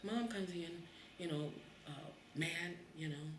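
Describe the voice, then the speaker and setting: Brief: woman in her fifties telling stories, lively, heard in a roomy space on a distant mic. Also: fairly low pitch, takes it slowly, a little hiss or hum. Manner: animated, acts out the voices in her story. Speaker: interviewee. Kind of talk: oral history storytelling.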